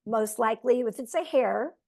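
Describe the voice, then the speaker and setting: A woman's voice: fairly high pitch, moderate pace, mellow. A woman sharing tips on a coaching team call over a video link, earnest and self-deprecating.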